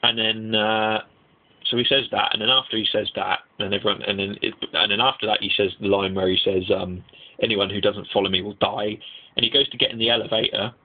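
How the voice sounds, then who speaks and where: A young man giving a casual, rambling anime review, excitable and swearing freely. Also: lowish voice, fast. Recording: tinny lo-fi mic.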